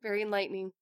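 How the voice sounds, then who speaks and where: A woman's voice: medium pitch, low-quality recording. A woman in her thirties co-hosting a family vlog, chatting casually about her kids and laughing often. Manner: animated, laughs often, acts out her kids' voices. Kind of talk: casual chat.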